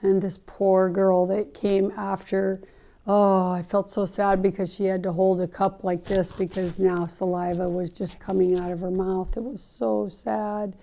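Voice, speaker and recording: A woman's voice: medium pitch, level tone, unhurried, warm tone. A woman hosting her own podcast as a natural health practitioner, telling a story in an earnest, heartfelt, rambling way. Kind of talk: casual storytelling monologue.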